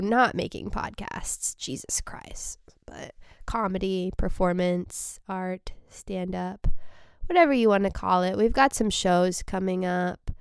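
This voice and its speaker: Rambling young woman comedian, crisp dry voice. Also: medium pitch, no echo. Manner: rambling, self-deprecating, frequent restarts. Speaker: comedian and podcast host. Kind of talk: casual solo podcast chat.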